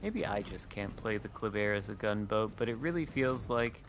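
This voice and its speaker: A man's voice: on the low side, lively intonation, moderate pace, slight background noise. A man chatting casually during a game stream, laid-back and curious, swearing now and then. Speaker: streamer guest. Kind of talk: casual gaming chat.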